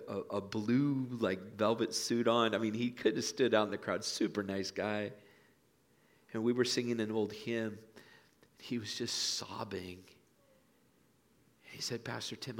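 A pastor preaching a sermon in a church, telling folksy stories and dropping to hushed lines for emphasis. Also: male voice, on the low side. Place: church sanctuary.

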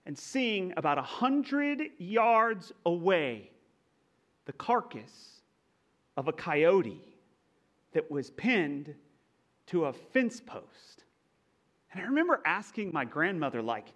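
A young pastor from Texas, with a faint Texan accent and a high-pitched voice, preaches a conversational sermon. His manner is relaxed and self-deprecating.

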